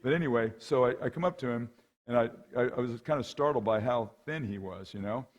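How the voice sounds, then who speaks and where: A man's voice: medium pitch, fairly quick. A middle-aged man, a rowing coach, giving a conversational storytelling talk at a men's conference and often checking in with "right?" and "okay?". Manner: lively, acts out the people in his anecdotes. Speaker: guest speaker and rowing coach.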